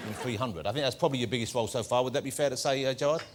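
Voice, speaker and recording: A man's voice: medium pitch, rapid-fire, a loud crowd. A man hosting a television chat show, joking and introducing guests theatrically. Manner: playful, jokey, theatrical introductions. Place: TV studio with live audience. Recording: loud studio audience and noise.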